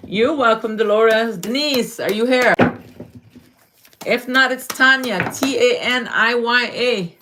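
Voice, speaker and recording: A woman from Guyana does astrology readings for viewers on a live stream, speaking slowly and drawing out her words as she fondly calls them darling. Her voice is on the high side, and the background is noisy.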